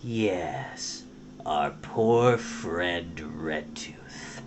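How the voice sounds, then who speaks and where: A man's voice: medium pitch, expressive, a little fast, bright, forceful tone, slight background noise. A man voicing a cunning, menacing male rat warlord who speaks with sarcasm and snarls his threats in a storybook reading. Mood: silky.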